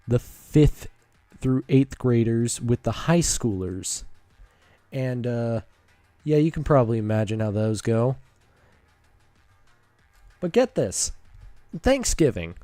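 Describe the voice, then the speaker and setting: A man's voice: medium pitch, warm tone, no echo. Rambling teenage boy telling a story. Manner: rambling, with many fillers and asides. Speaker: streamer. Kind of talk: casual storytelling.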